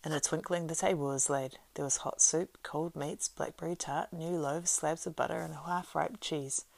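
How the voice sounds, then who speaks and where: A woman reading a story aloud as narrator, at a steady pace with small slips and restarts. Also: low voice, moderate pace, gravelly, no room sound, poor audio.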